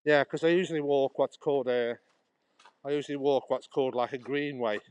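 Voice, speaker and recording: A man walks outdoors past a busy road, livestreaming from a handheld phone. His voice sits at a middling pitch. He rambles in a chatty, easygoing way and speaks straight to one viewer. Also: steady tone, fairly quick, a little mellow, smooth, dry recording, poor audio. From England. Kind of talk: live walking vlog.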